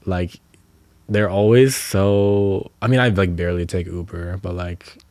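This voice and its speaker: A man's voice: low voice, steady tone, unhurried, darkish tone, clear, resonant tone, no room sound. A young man, a podcast co-host, ranting in casual chat with lots of swearing and filler words. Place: Los Angeles area.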